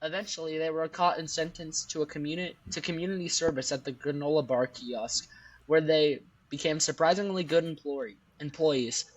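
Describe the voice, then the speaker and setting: A young man co-hosting a podcast, reading a silly story aloud in a matter-of-fact, deadpan way. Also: a little high, normal speed. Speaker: podcast co-host. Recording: dull lo-fi audio.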